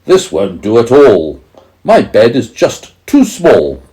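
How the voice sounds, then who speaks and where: A man voicing a kindly grown man in a children's story, gentle and reassuring. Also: mid-range voice, huge pitch swings, slow, breathy edge, heavily acted. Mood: calm.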